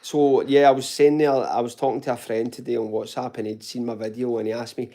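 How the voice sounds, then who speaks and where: Brisk and mellow with a level tone at medium pitch, this fitness channel host from Glasgow, Scotland, has a toned-down Glaswegian accent. He runs a casual live Q&A from home, answering chat in a chatty, informal way, calling viewers "mate" and swearing now and then.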